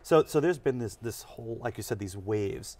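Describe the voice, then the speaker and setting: A man, a technology executive, explaining ideas with energy in a studio interview. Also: mid-range voice. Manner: energetic, explanatory, fast bursts. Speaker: chief technology officer, guest.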